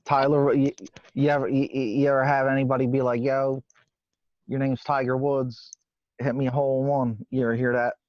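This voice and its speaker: A man's voice: mid-range voice, level tone, fairly quick, dry recording, natural voice. Man doing a stammering Philly-working-class dude, swears a lot, muffled dry recording. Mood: joking. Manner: rambling, stammering, swears casually. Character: nervous rambling working-class Philly guy. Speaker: interviewee. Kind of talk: improvised comedy character interview. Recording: dull lo-fi dry sound.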